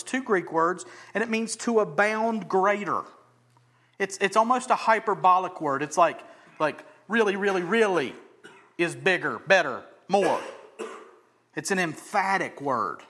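Preaching a sermon a little slowly, a male pastor with a notably high, expressive voice shifts between loud emphasis and almost whispered passages. He briefly performs the voices of the crowds and Jesus in his story.

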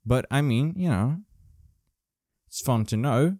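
A man hosting his own casual video, joking and rambling through animal facts in a playful, animated way. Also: mid-range voice, slow pace, no echo, studio quality. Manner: playful, jokey, animated, full of asides. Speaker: vlog host. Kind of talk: casual comedic fact-sharing monologue. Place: Germany.

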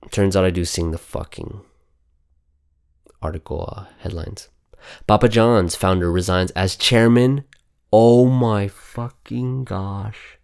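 Male host for off-the-cuff news talk: blunt and profane, with a low, resonant voice. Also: darkish tone, clear, resonant tone. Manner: reads headlines aloud and reacts with heavy swearing; blunt, outspoken. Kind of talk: casual news commentary.

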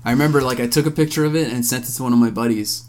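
Male podcast co-host, easygoing and casual, middle pitch, slight background hiss. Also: very fast. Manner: laid-back, says dude, swears. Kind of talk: casual chat.

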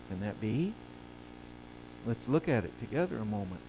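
A male pastor preaching a sermon who asks the congregation questions and answers them himself, moving between soft low asides and loud emphatic rises. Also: sing-song, moderate pace, long pauses, a little hiss or hum, low-quality recording.

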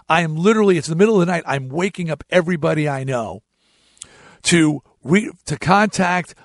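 A man hosting his own show, telling a story in a casual, animated monologue with frequent restarts. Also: on the high side, no room sound, studio quality. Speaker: show host.

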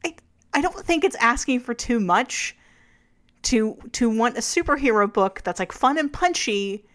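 A woman's voice: a little high, expressive, normal speed, fairly bright tone. Chatty woman podcast co-host. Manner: chatty, frank, frequent fillers and restarts. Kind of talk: casual podcast chat.

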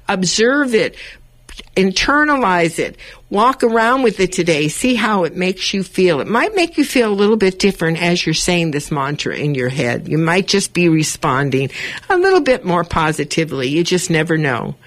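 A woman hosts a community radio show, speaking from the studio straight to her listeners. She talks in an animated, chatty way. Her monologue stays encouraging and self-affirming throughout. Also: fairly low pitch.

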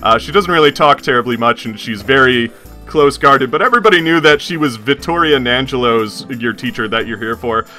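A man's voice: medium pitch, expressive, brisk, pushed and bright, soft background music. A man narrating as game master of a tabletop game in a rambling, laugh-prone way. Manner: rambling, filler-heavy, laughing often.

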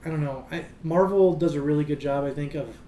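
A man with a somewhat high voice co-hosting a casual podcast, hesitant and full of restarts, often trailing off into quieter talk. The room is echoey and he sits back from the mic. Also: fairly quick, distant mic, slight background noise. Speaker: podcast co-host. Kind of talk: casual chat.

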